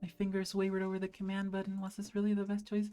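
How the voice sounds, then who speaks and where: A woman's voice: mid-range voice, monotone, quick pace, warm tone, clean tone, faint music behind, natural voice. Woman reading a blunt, angry schoolgirl. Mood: cold. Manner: blunt, swearing. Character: angry teenage schoolgirl, hurt and blunt best friend.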